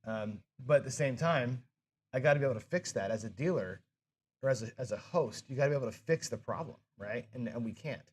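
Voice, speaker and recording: A man's voice: medium pitch, animated, a little fast, a little mellow. A man hosts a live craps game stream, talking loosely in a mid-range voice. He swears and scolds himself over his own slip-ups with frustrated self-deprecation. A faint hiss of noise sits under the recording. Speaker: craps show host. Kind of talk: live casual chat while playing.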